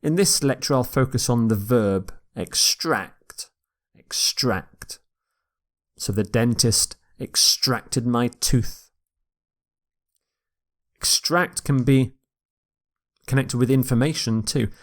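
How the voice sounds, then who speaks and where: A man gives a vocabulary lecture at an unhurried pace, saying each word slowly. He repeats key words to model their pronunciation, in a voice of middling pitch. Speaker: English teacher.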